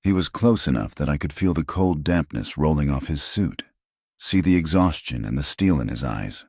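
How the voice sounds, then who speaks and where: A man narrating a first-person story as an audiobook reader, with steady, dramatic storytelling. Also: rumbling low, moderate pace, creaky, no echo, clean studio sound.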